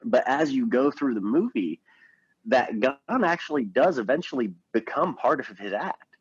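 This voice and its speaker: A man co-hosting a podcast, talking earnestly about a film in a casual, halting way. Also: medium pitch, lively intonation, husky, no echo, lo-fi sound. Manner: earnest, many restarts. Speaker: podcast co-host.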